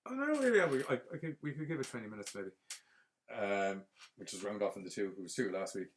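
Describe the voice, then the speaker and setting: A man, hosting a podcast and retelling a film plot in a casual, rambling, animated way full of fillers. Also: lowish voice, fast, slight background noise. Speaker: podcast host.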